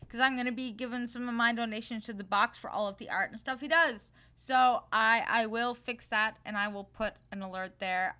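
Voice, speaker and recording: A woman's voice: fairly high pitch, bright, forceful tone. A woman hosting a casual live stream who rants with plenty of swearing. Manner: profane, ranting, quick to outrage. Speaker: livestream host.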